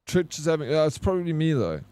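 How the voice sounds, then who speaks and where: A man's voice: on the high side, big pitch swings, fast talker, mellow, smooth, dry recording. A man with a South African accent, chatting casually with his live-stream chat as he plays, greeting viewers by name and swearing freely. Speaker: game streamer.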